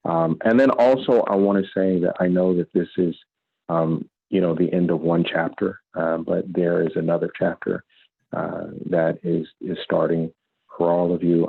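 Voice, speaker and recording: A very deep, gravelly male voice that stays flat and even, heard through tinny, phone-like call audio. He speaks in a measured way and pauses often on "uh" and "um.". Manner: measured, halting, frequent fillers. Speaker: school board trustee. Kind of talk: farewell remarks at an online board meeting. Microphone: video call.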